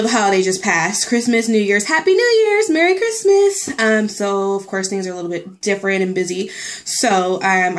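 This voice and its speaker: A young woman talks through a casual vlog update in a loose, rambling way, full of fillers. She sounds a little out of breath as she chats. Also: medium pitch. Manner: chatty, rambling, lots of fillers and likes. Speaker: pregnancy vlogger.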